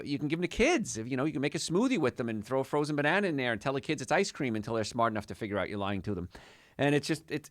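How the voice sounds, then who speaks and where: A man's voice: mid-range voice, a bit bright, dry recording, clean studio sound. A man hosting a call-in health radio show, chatty, upbeat and jokey, rambling from one point to the next. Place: radio studio.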